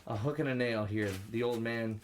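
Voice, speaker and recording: A drunk man co-hosting a podcast, rambling excitably and swearing freely. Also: mid-range voice, moderate pace, a little hiss or hum. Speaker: podcast co-host. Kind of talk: casual chat.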